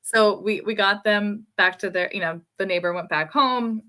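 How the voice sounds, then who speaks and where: Bright-voiced woman telling a lively story. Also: mid-range voice, normal speed. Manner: animated storytelling with laughs. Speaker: podcast co-host. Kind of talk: casual podcast chat.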